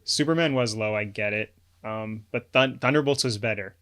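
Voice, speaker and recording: A young man co-hosting a podcast, chatting in a relaxed way with lots of slang and fillers. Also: on the low side, normal speed. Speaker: podcast co-host. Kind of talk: casual chat.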